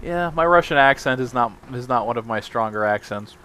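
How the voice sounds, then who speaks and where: A man's voice: medium pitch, lively intonation, fairly quick, bright, forceful tone, slight background noise. A man hosting a let's play, giving casual gameplay commentary with rambling, self-mocking, jokey asides.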